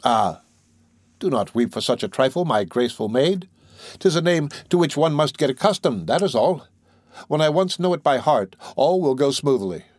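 A man's voice: on the high side, expressive, normal speed, a little mellow, no room sound, clean studio sound, voice pushed up. A man playing Phoebus, a swaggering captain. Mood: flattering. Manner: swaggering, grand declarations.

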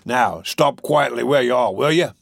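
A man reading an audiobook, voicing a gruff, bullying male robber who snaps out his lines. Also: medium pitch, expressive, normal speed, no room sound, clean studio sound. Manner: gruff, snapping.

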